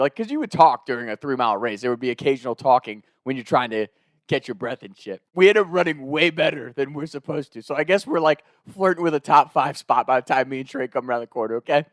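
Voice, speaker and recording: A young man telling a story in a casual, animated, profane way, laughing as he goes. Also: medium pitch, fast talker, no room sound, studio quality.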